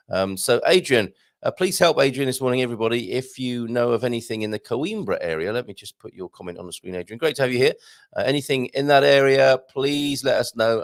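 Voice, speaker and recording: A man's voice: medium pitch, creaky, no echo, studio quality. A man hosting a casual morning live stream, chatting in a rambling way with many fillers as he greets viewers by name. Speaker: livestream show host.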